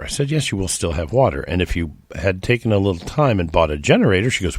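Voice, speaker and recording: A middle-aged man from the United States rambles through a folksy story as a talk host, restarting sentences as he goes. His voice sits very low, and the recording is dry and close. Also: big pitch swings, quick pace, slightly rough, dry recording. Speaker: podcast host. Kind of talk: casual storytelling monologue.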